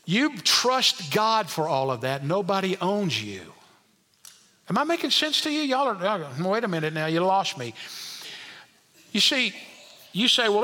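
A male pastor preaching a sermon, dropping to quiet asides and climbing to emphatic points while questioning the congregation. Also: sits high, big-room sound.

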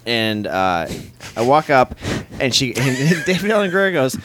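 A man's voice: mid-range voice, expressive, moderate pace, background noise. A man, a comedian, telling a rambling, profane anecdote in drunken casual chat in a hotel room, acting out the lines of the people in it. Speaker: comedian guest.

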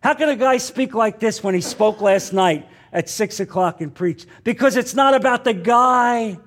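High-voiced emphatic male preacher. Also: normal speed, a bit bright. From New Jersey. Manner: emphatic, repeats lines, asks the crowd questions. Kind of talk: sermon.

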